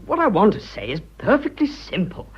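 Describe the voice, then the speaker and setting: A man's voice: high voice, wildly swooping pitch, brisk, breathy edge, dull audio, full character voice. An actor playing an earnest, flustered young businessman declaring his love, stammering in clipped upper-class British speech in a radio drama.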